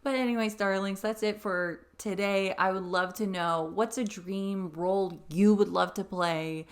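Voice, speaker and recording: A young woman, a musical theatre coach, chatting through a reaction video, emotional and quick to laugh. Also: medium pitch, fairly even intonation. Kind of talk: casual reaction commentary.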